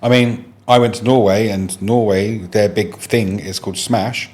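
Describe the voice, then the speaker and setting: A man's voice: lowish voice, fairly even intonation, unhurried, a little mellow. A man, co-hosting a casual podcast chat, cracking dry, teasing jokes. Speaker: podcast co-host.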